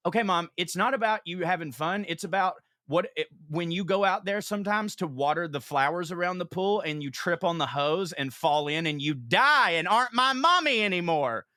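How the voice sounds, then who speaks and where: A man hosting a podcast, telling profane, animated comic stories in casual chat. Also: high voice, normal speed, hardly any pauses, no echo, clean studio sound. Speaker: podcast host.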